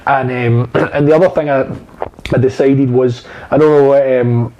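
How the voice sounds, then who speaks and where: A man, an actor guest telling lively, swear-filled stories in a casual interview. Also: medium pitch, a little slow, slight background noise, poor audio. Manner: animated storyteller, swears freely.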